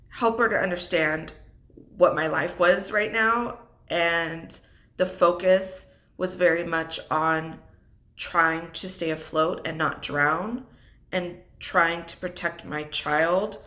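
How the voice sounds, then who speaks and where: Slow, tearful woman telling her story. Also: lowish voice, sharp tone. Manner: slow, reflective, holding back tears. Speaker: single mother vlogger. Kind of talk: unscripted personal story.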